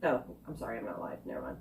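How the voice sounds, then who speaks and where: Lively chatty woman, echoey room. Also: lowish voice, gravelly. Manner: chatty, thinks aloud, drops to quiet asides. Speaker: snack reviewer. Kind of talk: casual taste-test vlog.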